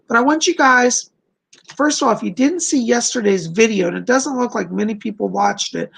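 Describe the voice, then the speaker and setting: An effusive American man chatting on his live stream. His voice sits high for a man, with a gravelly, husky edge. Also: fairly bright tone. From United States. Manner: effusive, gushing. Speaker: psychic host. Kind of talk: casual live stream chat.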